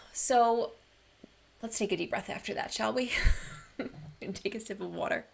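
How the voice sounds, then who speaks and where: A woman's voice: fairly high pitch, a little slow, creaky, husky. A woman wellness coach giving an online workshop in an earnest, personal storytelling manner.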